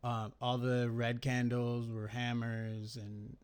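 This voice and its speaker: A man's voice: medium pitch, completely flat delivery, takes it slowly, clean tone. A young man talking through his trades in a casual, rambling recap, swearing often and criticizing himself as he thinks aloud.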